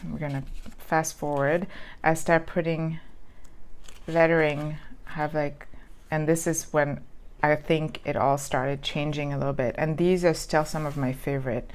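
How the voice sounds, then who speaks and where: Deep and somewhat dark in tone, a woman who vlogs about planners and lives in Southern California leafs through her old planners, talking casually in a rambling way full of ums and false starts.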